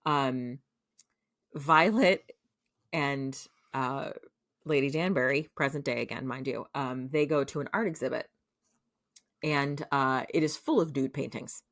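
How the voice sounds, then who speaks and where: A woman's voice: a bass voice, a little slow, pauses often, no room sound, clean studio sound. A woman co-hosting a podcast, rambling casually through a show recap with lots of fillers. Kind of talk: casual chat.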